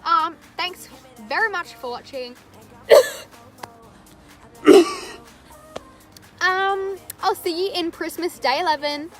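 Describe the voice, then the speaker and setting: A woman's voice: very high-pitched, very slow, pauses often, soft background music. A young woman, chatting candidly to camera in a rambling vlog. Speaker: vlogger. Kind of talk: casual chat to camera.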